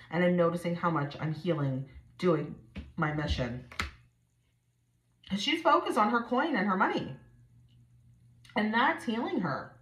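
Low-pitched woman reading cards casually and bluntly, recorded in an echoey room. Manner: blunt, chatty, swears freely. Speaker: tarot reader. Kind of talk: casual tarot reading to camera. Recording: echoey room with faint noise.

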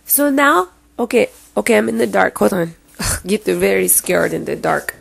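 Playful gravelly-voiced woman vlogger. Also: medium pitch, lively intonation, a little slow, long pauses. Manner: playful, keeps sliding between put-on accents; teasing, laughs often, swears. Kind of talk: casual self-filmed monologue. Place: home, moving into a bathroom. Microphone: handheld camera at arm's length.

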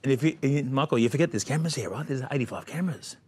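A man's voice: medium pitch, expressive, very fast, a little mellow, breathy edge. A middle-aged Australian man, a guest, telling brash and bawdy anecdotes in chat. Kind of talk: storytelling chat.

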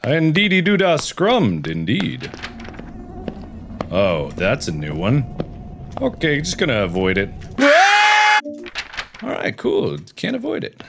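A man in his thirties hosting a let's play, talking to himself through a horror game and breaking into high yelps and shouts. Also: unhurried, creaky. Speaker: gaming video host. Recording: steady background noise.

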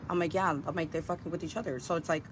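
Her voice is deep and fairly flat in intonation, and she talks very fast on a rough recording. It's a livestream with vehicle noise, and she meanders along, cursing and leaning heavily on fillers.

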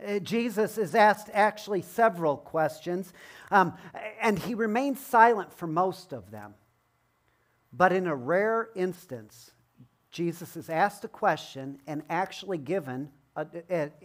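A male pastor with a high-pitched voice preaches in a loose, conversational way. He explains as he goes, hesitating with ums and slipping in self-deprecating jokes. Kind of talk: conversational sermon.

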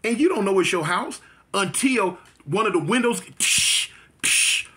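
Guy telling his life story off the cuff, kinda high voice, repeats himself a lot, does the sound effects himself. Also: animated, normal speed, background noise. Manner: vivid storyteller who repeats phrases and mimics gunshots.

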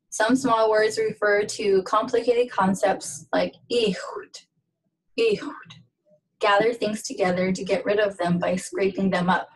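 A woman giving a casual language lesson on pronunciation, speaking slowly and haltingly with many fillers. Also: mid-range voice, poor audio. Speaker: language teacher.

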